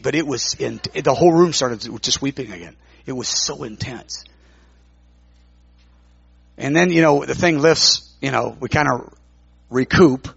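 A man preaching, telling a story with many halting restarts and repeated words. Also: mid-range voice, vocal fry, fairly bright tone, husky, no room sound, lo-fi sound. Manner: halting, repeats words while recounting dialogue. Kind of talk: sermon storytelling.

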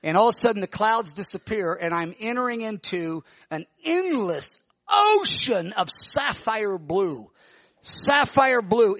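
A man preaching, telling a vision in an animated, emotional way with many restarts. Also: sits high, no room sound, dull audio. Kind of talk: sermon testimony, telling a vision.

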